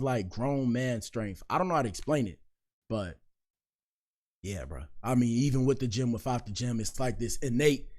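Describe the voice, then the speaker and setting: A man in his twenties talking casually to his stream viewers in loose slangy banter as he reacts to clips. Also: medium pitch. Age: 20s.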